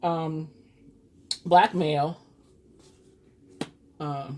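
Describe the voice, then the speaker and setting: A woman's voice: low voice, steady tone, very slow, darkish tone, a little hiss or hum. A woman in her fifties from New York with a New York accent, a tarot reader telling a personal story to her viewers in a chatty, rambling way full of fillers and restarts. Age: 50s.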